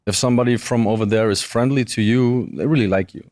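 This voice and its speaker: A man's voice: mid-range voice, fast, no room sound, studio quality. A young man from Germany with a light German accent, chatting casually and easily as an interview guest. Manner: relaxed, chatty, frequent restarts. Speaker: guest, professional wrestler.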